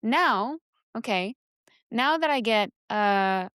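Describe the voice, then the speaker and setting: This sexuality educator and podcast host has a slightly high, expressive voice with a fairly bright, clear, resonant tone, speaking slowly in a dry, studio-quality recording. She frankly explains a step-by-step inner process, thinking aloud with lots of fillers and frequent sentence restarts.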